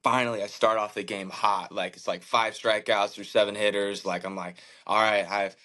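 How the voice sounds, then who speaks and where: Earnest low-voiced man telling his story. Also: flat delivery, normal speed, bright, forceful tone, low-quality recording. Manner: earnest, reflective, many fillers like "like" and "man". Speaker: professional baseball pitcher, guest. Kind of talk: candid interview storytelling.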